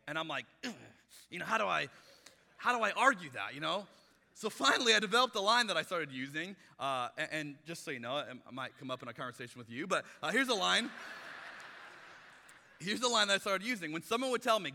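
Animated male pastor in a reverberant hall. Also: sits high, fairly quick. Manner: animated, conversational preaching with acted-out quotes. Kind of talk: sermon.

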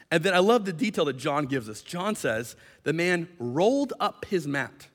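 Animated high-voiced preacher in a hall. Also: male voice, normal speed, hardly any pauses, a little hiss or hum. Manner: animated, acts out quoted voices of the people in the story. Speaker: pastor. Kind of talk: sermon. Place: church hall. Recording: long hall reverb.

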